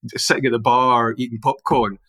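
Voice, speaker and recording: A middle-aged man with a Glaswegian accent, a podcast guest telling animated anecdotes in casual conversation with many restarts. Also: mid-range voice, a little fast, no echo. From Scotland.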